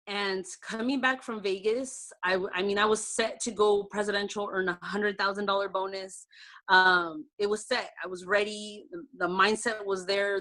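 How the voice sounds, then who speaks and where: A woman's voice: mid-range voice, fairly bright tone. A woman leading a sales team, telling her personal success story on a video call in a heartfelt, conversational way with many fillers. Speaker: direct-sales team leader.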